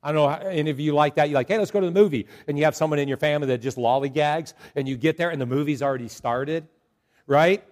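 Male pastor, high voice, playful joking sermon delivery. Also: quick pace. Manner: joking, animated storytelling to a congregation.

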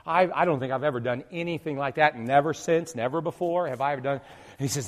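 Middle-aged preacher guy telling a funny story, higher voice, big swings loud to quiet, long hall echo. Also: fast talker. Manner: animated, swinging from loud exclamations to quiet asides. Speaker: pastor. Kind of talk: storytelling sermon.

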